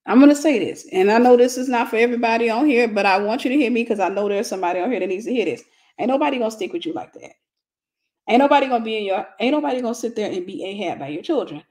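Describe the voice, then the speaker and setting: A woman's voice: fairly high pitch, animated, racing, a little mellow. Blunt, joking woman teacher. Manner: blunt, humorous, colloquial. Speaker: Christian relationship teacher. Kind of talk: casual teaching talk.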